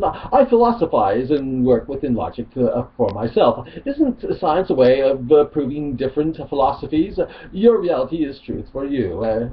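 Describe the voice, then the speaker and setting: Man doing a snobby atheist, prissy, haughty, bouncy pitch, dull lo-fi sound. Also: lightly acted. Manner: haughty, prissy reading of a post. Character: snobby atheist chat user, male adult. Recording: dull lo-fi recording.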